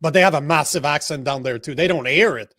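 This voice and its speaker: A man's voice: a little high, fast, pushed and bright, dry recording, clean studio sound. A man whose first language is French, hosting a livestream and chatting casually about politics in a blunt, profane, emphatic way. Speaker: livestream host.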